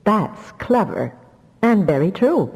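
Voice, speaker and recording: A woman reading an audiobook, voicing a calm and wise older woman who speaks briskly. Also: medium pitch, vocal fry, slightly rough, long reverb tail, exaggerated voice, low-quality recording. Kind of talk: audiobook character voice.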